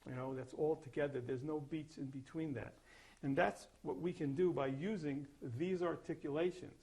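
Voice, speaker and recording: A man's voice: a little high, fairly even intonation, moderate pace, darkish tone. An older man teaching a percussion master class, explaining articulations and singing short example notes. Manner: explains then sings or plays examples.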